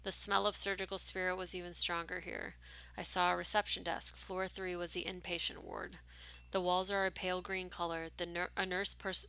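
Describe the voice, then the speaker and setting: Woman streamer, casual reader of a text game, bright edgy tone with a gravelly texture. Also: fairly low pitch. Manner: casual asides with fillers between narration. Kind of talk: reading a story game aloud with commentary.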